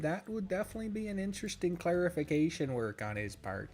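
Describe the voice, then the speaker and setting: A man's quick, sing-song, somewhat mellow voice carries his rambling commentary on a strategy game stream. He swears a lot and jokes at his own expense, dropping his volume at moments so a roommate's call goes undisturbed.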